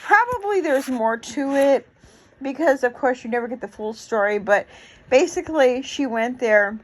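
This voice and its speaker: On a rough recording, a sixty-something woman reacts on YouTube with emotional, meandering commentary, often restarting and using fillers. Her voice is on the high side.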